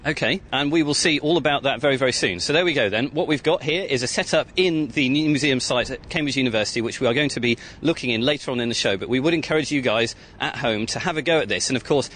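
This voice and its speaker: A man reporting for a radio science show from an outside location, talking fast and chatty. Faint outdoor noise sits behind his voice. His pitch sits in an ordinary middle range. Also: fairly bright tone. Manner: brisk, chatty presenting. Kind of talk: live radio outside broadcast.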